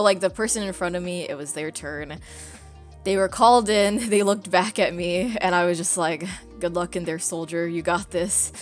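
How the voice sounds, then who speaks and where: A woman streamer telling a story in casual chat, rambling with many fillers and breaking into laughs. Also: on the low side. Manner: rambling, filler-heavy, excitable with frequent laughs.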